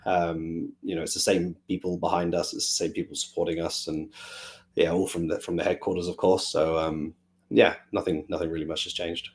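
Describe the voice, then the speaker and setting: A man answering fan questions in a relaxed, rambling way, with many fillers as he thinks aloud. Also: low voice, a little fast. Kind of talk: casual Q&A chat.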